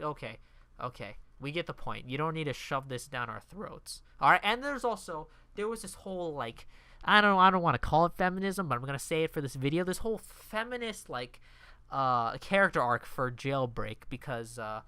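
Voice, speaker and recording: A man's voice: mid-range voice, expressive, brisk, pushed and bright, clean tone, no room sound. A man casually reviewing a movie in a profane, exasperated rant.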